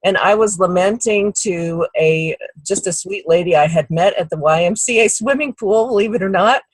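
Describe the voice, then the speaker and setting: A woman's voice: mid-range voice, normal speed, slightly rough, dry recording, poor audio. A middle-aged woman telling a long personal story on a team call, acting out the people she quotes. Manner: warm anecdotal storytelling, acts out quoted people. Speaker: guest speaker.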